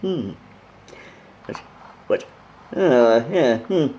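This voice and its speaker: Man, host, crude sarcastic commentary, mellow voice, lively swings. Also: medium pitch, extremely slow, lo-fi sound, a little hiss or hum. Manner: sarcastic, gleeful, swears a lot. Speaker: host doing commentary over a TV clip. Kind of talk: excited crude running commentary.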